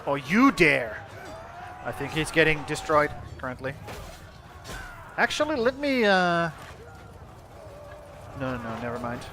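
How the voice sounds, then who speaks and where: A young man giving laid-back, casual commentary on his gameplay, cursing now and then and trailing off mid-sentence. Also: fairly high pitch. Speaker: gaming channel host. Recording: steady background noise.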